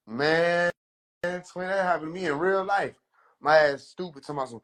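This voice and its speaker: A young man livestreaming from his phone, rambling in an animated, profane way and slipping into quoted voices. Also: high-pitched, normal speed. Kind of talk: rambling casual livestream monologue. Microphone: phone on a live stream.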